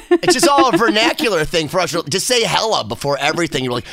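Joking guy on a podcast, high voice, super lively. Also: fast, gravelly, no room sound, clean studio sound. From United States. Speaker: podcast co-host. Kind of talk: casual chat.

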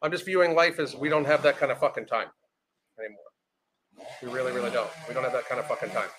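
Bright-voiced, blunt, cursing man. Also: medium pitch, fairly even intonation, fast talker, slight background noise. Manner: blunt, profane ranting. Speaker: commentary host. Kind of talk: reaction commentary.

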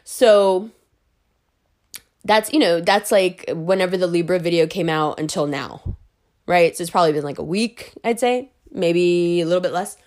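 Woman, casual vlog rant, swears a lot, animated, voice still a bit off from the flu. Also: lowish voice, moderate pace. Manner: profane, blunt and animated. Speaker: astrology content creator. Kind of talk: casual rambling monologue to viewers.

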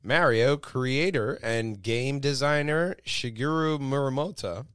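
A man co-hosting a casual podcast, animated and laughing, swearing freely as he reads out news. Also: mid-range voice, unhurried, no room sound, clean studio sound. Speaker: podcast co-host. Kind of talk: casual chat, reading news.

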